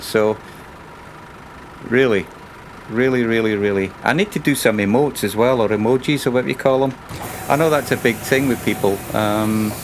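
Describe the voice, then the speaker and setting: A man's voice: medium pitch, slight background noise. Man, game streamer, rambling, emotional, stammering chat. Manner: emotional, rambling, thanking viewers, stammers and laughs. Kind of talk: live-stream chat while driving a bus game.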